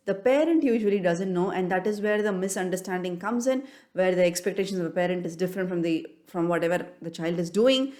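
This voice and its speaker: A woman's voice: mid-range voice, darkish tone. A woman, a parenting coach talking straight to parents in an earnest, questioning way, often restarting and repeating her phrases. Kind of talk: solo talk to parents.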